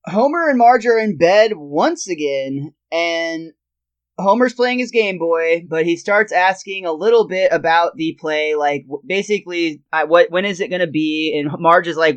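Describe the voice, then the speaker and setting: A man's voice: fairly high pitch, moderate pace, clear, resonant tone, lo-fi sound. A man co-hosting a podcast, retelling a cartoon episode scene by scene in casual chat and laughing often. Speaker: podcast co-host.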